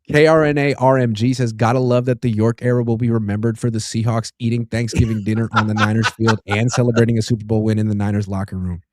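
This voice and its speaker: A man's voice: fairly low pitch, level tone, fast talker, a little mellow, dry recording, studio quality. A man in his thirties hosting a casual sports talk show, reading viewer comments in an easygoing way. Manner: easygoing, reads super chats aloud.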